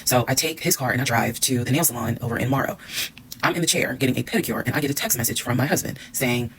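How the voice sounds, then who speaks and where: A woman rattles through a personal storytime at breakneck speed. Her voice has a gravelly fry, and she is blunt and candid, swearing freely. She acts out the back-and-forth of old arguments as she goes. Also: a bass voice, fast talker, rough recording. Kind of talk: storytime monologue.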